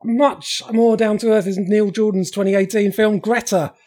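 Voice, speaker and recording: A man's voice: sits high, fairly even intonation, moderate pace, a crowd in the background. A man co-hosting a podcast, chatting casually about films with wry, dry asides. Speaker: podcast co-host. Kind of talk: casual film chat.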